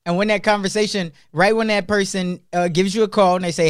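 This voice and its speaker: Upbeat host with a higher, dry voice. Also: male voice, steady tone, fairly quick, smooth, no echo. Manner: upbeat, agreeing, conversational slang. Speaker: podcast host. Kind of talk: casual interview talk.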